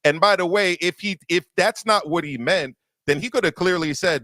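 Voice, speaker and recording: A man's voice: high voice, expressive, brisk, hardly any pauses, sharp tone, no room sound. A man hosting a boxing talk show, arguing emphatically and repeating words as he builds his point. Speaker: boxing podcast host. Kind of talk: opinionated casual discussion.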